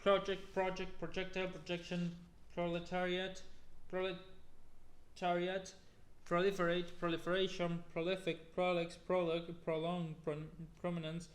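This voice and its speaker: Guy slowly reading off a word list, high voice, flat and kind of exasperated. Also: echoey room. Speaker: youtuber.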